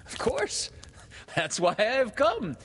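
A man's voice: medium pitch, huge pitch swings, measured pace, vocal fry, pitched above the performer's own voice, full character voice. A man voicing an eager, self-centred young boy with a careless, insistent way of talking, in a storybook reading. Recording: reverberant room, faint hiss.

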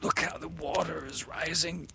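A man's voice: on the high side, steady tone, moderate pace, slight background noise, voice pushed up. Give me a faint, weary boy hero, voiced by a man reading a storybook. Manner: quiet, faint and tired. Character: wounded boy hero, brave but weakened.

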